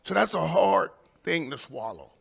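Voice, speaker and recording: An older man with a gravelly, fry-laced voice that sits a little high for a man. He works a live comedy stage on a handheld mic, rambling through profane stories and shouting out the lines of the people in them. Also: big pitch swings, a little slow. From Indianapolis, USA. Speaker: stand-up comic. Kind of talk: stand-up comedy set.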